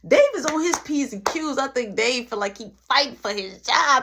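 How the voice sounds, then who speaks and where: A woman casually telling a workplace story, animated and punctuating it with "boom" as she acts out every voice. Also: normal speed, background noise.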